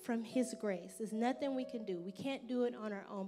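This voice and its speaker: A woman pastor giving an expressive, conversational sermon at a church service. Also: fairly high pitch, moderate pace, over music.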